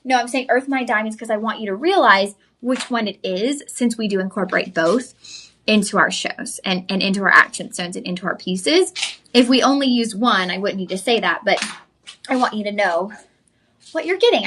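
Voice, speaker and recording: A young woman, hosting a live shopping channel and pitching jewelry with chatty enthusiasm straight to viewers. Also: normal speed, pushed and bright, a little hiss or hum.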